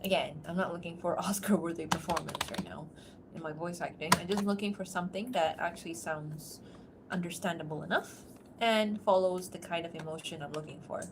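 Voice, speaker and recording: Chatty woman streamer, quick to laugh. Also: lowish voice, steady tone, heavy background noise. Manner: chatty, laughs often, self-deprecating. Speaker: streamer and voice actor. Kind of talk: casual livestream chat between takes.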